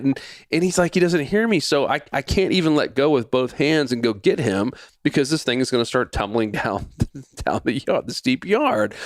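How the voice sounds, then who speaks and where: With a medium-pitched voice and echo-free studio sound, this man in his forties hosts a podcast. He tells a personal tale that turns into a faith lesson, performing what others said and repeating himself.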